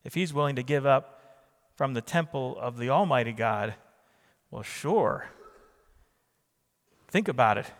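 A man's voice: medium pitch, expressive, unhurried, pauses often, big-room sound. A man preaching a sermon as pastor, emphatic, repeating key phrases and putting questions to the congregation.

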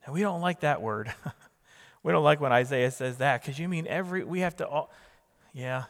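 Man, pastor, sermon, emphatic repetition, questions to the congregation, fairly high voice, long hall reverb. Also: normal speed. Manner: emphatic preaching with repeated phrases and questions to the congregation.

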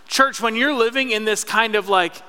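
A pastor preaching a conversational sermon and drawing responses from the congregation. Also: male voice, high voice, moderate pace, sharp tone, clean tone. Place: church sanctuary. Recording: long church reverb.

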